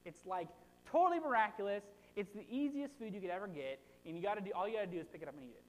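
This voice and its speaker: A chatty preacher giving a casual sermon, animated and full of rhetorical check-ins, at a middle pitch. The voice rings with a long hall reverb. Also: very fast.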